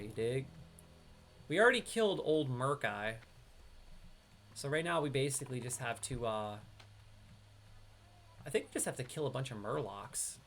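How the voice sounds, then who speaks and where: A man's voice: medium pitch, slight background noise. A man from upstate New York giving live, slangy commentary while playing an online game with a teammate. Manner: excitable, slangy banter with a teammate. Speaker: streamer.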